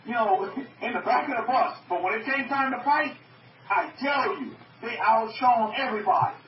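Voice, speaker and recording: A man's voice: very high-pitched, slight background noise. A man preaching to an online group, emphatic, repeating his phrases and asking his listeners questions. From North America. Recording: muffled, echoey, from far off.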